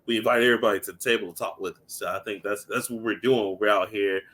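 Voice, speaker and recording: Young man, podcast host, casual interview banter, lively delivery. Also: lowish voice, fast. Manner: animated, imitates friends loudly, laughs often.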